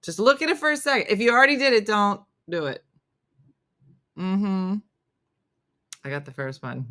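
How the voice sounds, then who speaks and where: A woman's voice: mid-range voice, normal speed, bright, forceful tone. A woman comedian hosting a live morning show, chatting casually and self-deprecatingly, reading viewer comments as she goes. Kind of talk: casual live-stream chat.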